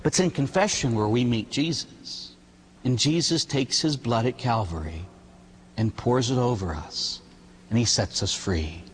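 A Catholic priest giving an animated sermon, telling stories and asking rhetorical questions. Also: male voice, medium pitch, unhurried, big-room sound, a little hiss or hum.

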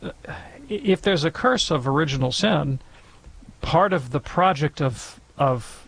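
A man's voice: a little high, expressive, measured pace, slightly rough. A man in his fifties, the resident expert on a call-in radio show, answering questions thoughtfully with frequent restarts.

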